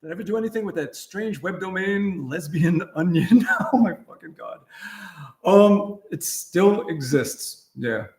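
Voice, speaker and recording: A high, expressive male voice at a measured pace comes from an echoey room with a noisy background. The middle-aged guitar livestream host chats casually, telling salty anecdotes and chuckling.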